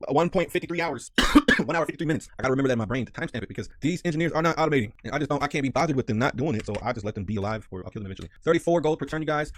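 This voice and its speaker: A man giving casual, excitable, slangy commentary on his gameplay, talking straight to his viewers on a close desk mic. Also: mid-range voice, dry recording. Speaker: gaming video creator.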